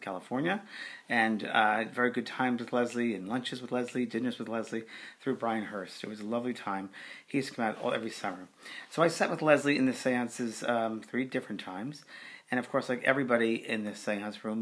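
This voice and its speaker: A middle-aged man, a spiritual medium, recounting a memory in a relaxed conversational way with frequent fillers. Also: mid-range voice, fairly quick. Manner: conversational, with fillers, acting out quoted voices. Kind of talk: video testimonial storytelling.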